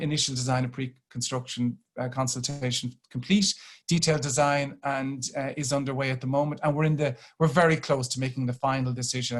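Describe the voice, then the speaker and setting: Irish man, webinar talk, video call mic, halting restarts. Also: medium pitch. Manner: halting, restarts phrases often. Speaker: grid company chief executive. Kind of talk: webinar presentation. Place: home office on a video call.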